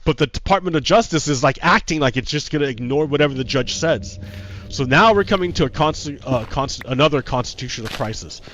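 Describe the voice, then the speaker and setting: A man's voice: on the high side, fairly bright tone, slight background noise. A man talking casually on a livestream, heated and profane, often repeating himself. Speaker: streamer.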